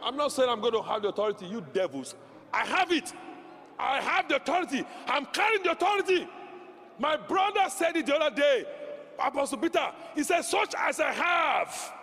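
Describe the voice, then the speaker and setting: A man preaching a charismatic sermon, shouting declarations, speaking in tongues and leading the congregation in call-and-response. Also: extremely high pitch, expressive, normal speed. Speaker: pastor. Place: large church sanctuary. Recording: reverberant church hall.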